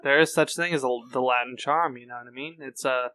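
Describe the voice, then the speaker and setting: A man's voice: mid-range voice, steady tone, fast talker, a crowd in the background. A man co-hosting a podcast, swearing freely and rambling through stories in casual chat while a little tipsy. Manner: profane, rambling storyteller. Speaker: podcast co-host.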